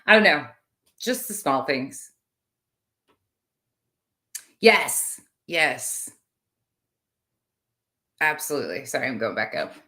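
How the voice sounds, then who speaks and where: Woman, low voice, casual livestream chat, rambling, talks to viewers. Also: very animated, takes it slowly, pauses often. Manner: chatty, rambling, warm with viewers. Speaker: livestream host.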